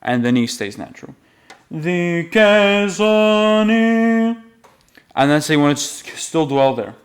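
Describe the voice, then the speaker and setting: A man giving a patient, step-by-step music lesson, explaining the rules and then slowly singing the note names. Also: mid-range voice. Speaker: music teacher.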